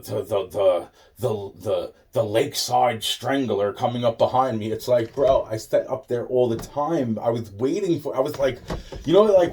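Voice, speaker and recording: A man's voice: medium pitch, darkish tone. A man telling a rambling personal story. He swears constantly, loses his thread and trails off into repeated fillers.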